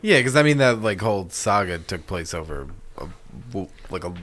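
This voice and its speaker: A man's voice: deep voice, sing-song, normal speed, a bit bright. A man co-hosting a podcast in casual chat, rambling and teasing with lots of fillers. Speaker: podcast co-host.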